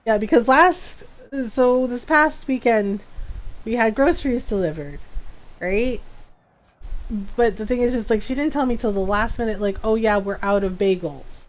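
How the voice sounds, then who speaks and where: A middle-aged woman streaming a game, chatting casually and telling an animated story, laughing often and acting out what people said. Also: fairly high pitch, moderate pace. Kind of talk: casual chat while gaming.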